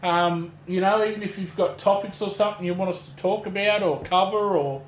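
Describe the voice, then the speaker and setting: An Australian podcast co-host with a high-sitting voice talks a little fast in laid-back, casual chat, swearing freely and spinning rambling jokes. The room is echoey, with faint background noise.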